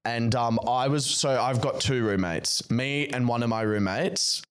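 A young Australian man chatting as a podcast guest, rambling and expressive and swearing freely. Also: mid-range voice, unhurried, clear, resonant tone. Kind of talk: casual chat.

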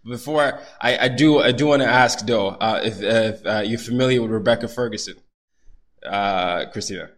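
Animated male podcast host. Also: on the low side, moderate pace. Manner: animated, laughs easily, frequent fillers. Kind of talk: podcast interview.

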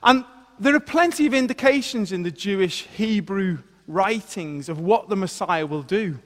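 High-voiced man preaching in echoing hall. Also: normal speed. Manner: casual explaining, asks "okay?" to listeners. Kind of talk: sermon.

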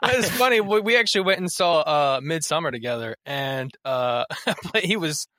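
Easygoing man with a bright voice. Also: a little high, lively intonation, normal speed, no room sound, clean studio sound. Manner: easygoing, laughs often. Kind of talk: casual chat.

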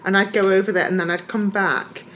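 A woman's voice: medium pitch, steady tone, fairly quick, a bit bright, slight background noise. Chatty woman podcast co-host. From Scotland. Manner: chatty, laughs often, picks at words. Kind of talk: casual chat.

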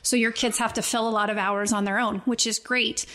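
A middle-aged woman, a mother, telling a family story in a casual, animated way and acting out her children's lines. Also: a little high, a little fast. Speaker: guest, mother.

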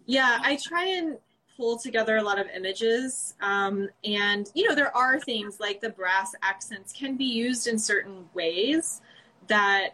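A woman who works as an architect and designer, talking casually with fillers and a relaxed, chatty manner. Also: fairly high pitch, unhurried, low-quality recording. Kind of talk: casual conversation.

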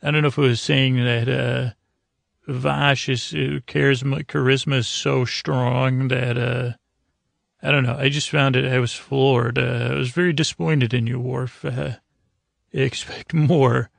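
Gravelly podcast guy rambling thru an episode recap, pretty flat delivery, lots of uhs. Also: mid-range voice, measured pace, dry recording. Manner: rambling, full of fillers and restarts. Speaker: podcast host.

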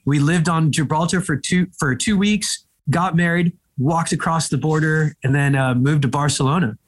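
A slightly high, husky male voice tells an animated story as a comedian guest in an interview. He grew up in Egypt and throws in quick asides as he talks.

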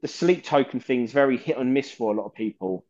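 A man's voice: medium pitch, a little fast, darkish tone, lo-fi sound. A man, a guest on a metal podcast, talking passionately and rambling, with plenty of swearing. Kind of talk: casual chat.

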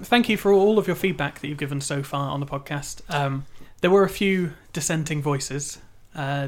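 A man hosting a casual podcast, his voice sitting a little high. He talks in an easygoing way, stopping to correct himself and filling the gaps with ums. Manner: hesitant, frequent ums and restarts. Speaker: podcast host.

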